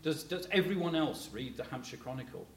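A man's voice: on the high side, animated, brisk, a crowd in the background. A middle-aged man gives a chatty, rambling talk to a live audience, chuckling as he tells stories and filling gaps with "you know, kind of thing.". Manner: chuckles while telling stories. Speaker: speaker addressing a local audience. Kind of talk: anecdotal public talk. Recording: echoey room, faint noise.

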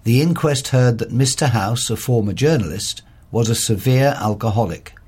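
A man reading local news and inquest reports in a steady, sober way. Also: mid-range voice, moderate pace, husky. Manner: steady, sober read-aloud delivery. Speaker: volunteer news reader. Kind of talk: reading local newspaper stories aloud.

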